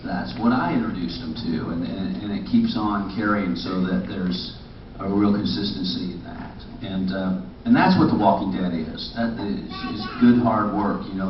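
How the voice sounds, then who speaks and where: A man's voice: deep voice, noisy background. A middle-aged man telling rambling stories on a convention panel, restarting his sentences often. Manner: rambling anecdotes with many restarts. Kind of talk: casual panel storytelling. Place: large convention hall. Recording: echoey hall, far, dull and muffled.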